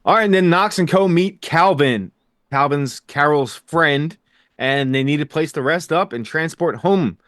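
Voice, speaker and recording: A man hosting a casual TV recap chat, energetic and jokey, with quick fast-talking asides, recorded indoors. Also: on the high side, no room sound, studio quality. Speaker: podcast host.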